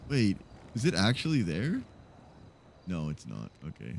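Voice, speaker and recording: A man's voice: low voice, wildly swooping pitch, a little slow, gravelly, a little hiss or hum. A man streaming a roleplay game, chatting casually and animatedly to his viewers, laughing often.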